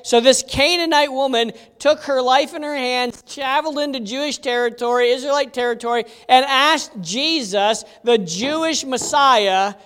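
A Bible teacher leads an interactive lesson, animatedly telling stories and putting questions to the audience. The medium-pitched voice is clean in tone and a bit bright, with long hall reverb in the recording.

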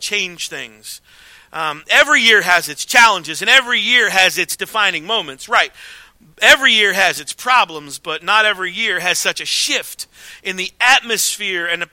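A pastor delivers an emphatic sermon, swinging from loud declarations to hushed asides. His voice is high, and the recording is dry.

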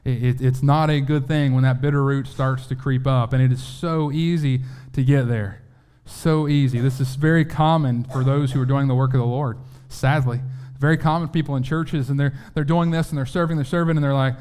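A man's voice: mid-range voice, fairly even intonation, fairly quick, darkish tone, clean tone. A man preaching a sermon in a conversational way, acting out quotes and often restarting his sentences.

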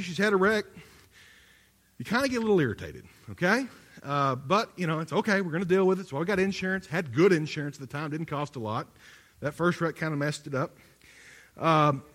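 High-voiced pastor in a reverberant hall. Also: male voice, sharp tone. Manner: conversational storytelling with frequent restarts and asides to the congregation. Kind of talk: sermon.

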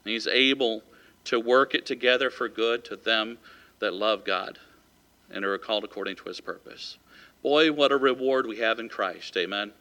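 A man's voice: lowish voice, moderate pace, bright, forceful tone. A man preaching a sermon, telling a personal story in a folksy way with many fillers. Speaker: pastor.

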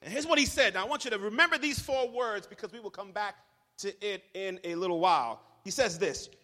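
A young man preaching a lively, joking sermon to a congregation, leading call-and-response. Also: sits high, brisk. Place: church hall. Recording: reverberant hall.

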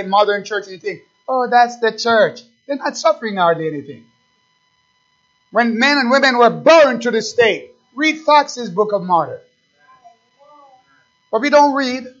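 A man's voice: high voice, a bit bright, muffled recording. A man preaching a sermon as pastor, asking rhetorical questions and building in fervor.

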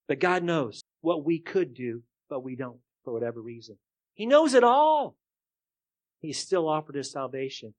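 Man preaching with loud rising questions. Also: a little high. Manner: swings from quiet murmurs to loud, rising rhetorical questions; addresses the congregation directly, asking for responses. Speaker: pastor. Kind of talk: sermon.

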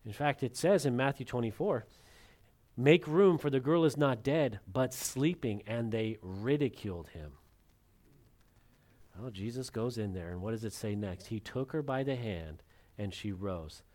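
A man preaching a sermon as pastor, acting out the quotes and swinging between loud emphasis and hushed, dropped lines. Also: mid-range voice, lively intonation, measured pace.

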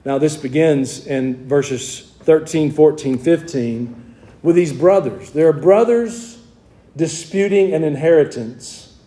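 A pastor with a Southern US drawl delivers a sermon in a mellow, warm tone, his voice sitting a bit higher than most men's. He talks to his congregation like a neighbor and keeps asking them questions. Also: slow pace. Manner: conversational preaching with rhetorical questions to the congregation.

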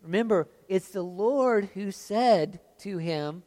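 A man preaching a sermon, reading scripture aloud with rising intensity and dropping to soft confiding asides, often stammering and restarting. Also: high voice, animated, takes it slowly, few pauses. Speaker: pastor.

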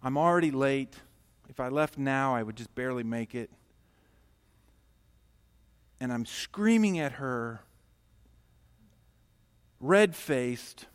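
A middle-aged pastor preaching a sermon, telling a personal story and moving from loud emphatic passages to quiet, intimate ones. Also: male voice, medium pitch, expressive, slow, pauses often, clear, resonant tone.

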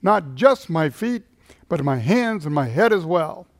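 A man's voice: high-pitched, lively intonation, moderate pace, creaky, no room sound, studio quality. A man voicing an impulsive, eager disciple who blurts out his words.

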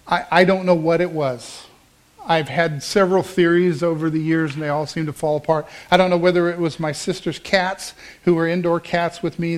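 Storytelling male pastor, slightly high voice. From American Midwest. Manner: storytelling, acts out quoted dialogue, conversational. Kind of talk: sermon.

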